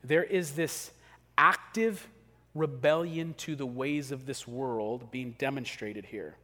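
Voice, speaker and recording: A man preaching a sermon as pastor, talking casually and acting out quick everyday scenes. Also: mid-range voice, a bit bright. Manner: conversational, acts out quick scenes. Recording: long hall reverb.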